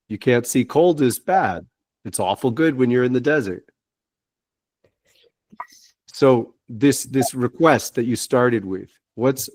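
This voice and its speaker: A man offers gentle spiritual guidance over a video call. He is reassuring and pauses often to restart his sentences. His voice sits at an ordinary pitch and sounds dry, with no room echo. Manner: reassuring, halting with frequent restarts. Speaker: spiritual guide giving readings.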